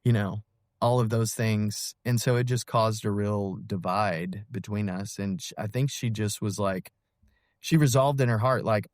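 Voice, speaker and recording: A man in his thirties telling his personal story as a podcast guest, earnest and halting, with many fillers and restarts. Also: on the low side, dry recording, clean studio sound. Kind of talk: personal testimony in an interview.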